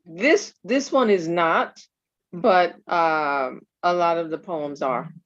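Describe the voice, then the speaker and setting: A woman poet chatting on a video call, giving warm, encouraging responses. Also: on the low side, slow, muffled recording, noisy background. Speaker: poet in the audience. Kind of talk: casual chat on a video call.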